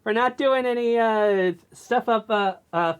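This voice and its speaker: A woman's voice: fairly high pitch, unhurried, clear, resonant tone, lo-fi sound. A woman co-hosting in casual chat, hesitant and full of filler words. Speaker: co-host.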